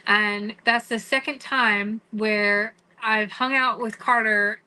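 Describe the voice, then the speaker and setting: A woman's voice: medium pitch, fairly even intonation, slow, bright, forceful tone, smooth, poor audio. A middle-aged woman telling a story to camera in a chatty way, with many restarts and quoted remarks. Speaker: vlogger.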